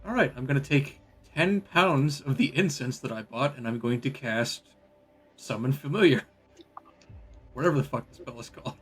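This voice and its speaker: A man's voice: medium pitch, moderate pace, breathy edge. A man chatting casually as a player in a tabletop game, joking and swearing offhandedly. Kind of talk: casual chat.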